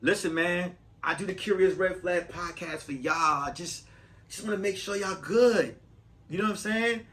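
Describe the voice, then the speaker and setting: A man's voice: sits high, normal speed, a bit bright. A man hosting a podcast as a comedian, giving profane, emphatic, rambling advice in a comic monologue.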